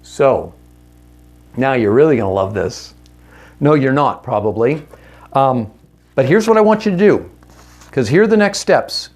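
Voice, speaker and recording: A man's voice: medium pitch, lively intonation, a little slow, pauses often, a little mellow, soft background music. Earnest man teaching a marriage seminar. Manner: earnest, direct, uses rhetorical questions; candid and conversational with self-corrections.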